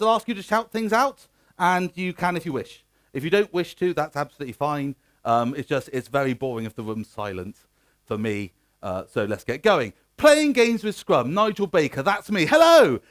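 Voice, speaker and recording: A man in his forties with a Bristol West Country accent, giving a jokey, self-mocking conference talk on stage and drawing the audience into call-and-response. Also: a little high. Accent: West Country English (Bristol). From Bristol, West Country of England. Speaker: conference speaker, agile coach.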